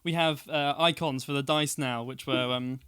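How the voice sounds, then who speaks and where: Game master, male, bright and crisp voice, loose rambling narration. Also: mid-range voice, steady tone, normal speed, no echo, studio quality. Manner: rambling with many fillers and restarts, laughs easily.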